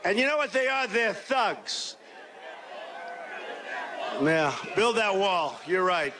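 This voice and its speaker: A man giving a campaign rally speech as a political candidate, boastful and rambling, repeating himself in punchy short phrases that he often shouts. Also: high voice, expressive, slow pace, noisy background. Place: large rally space.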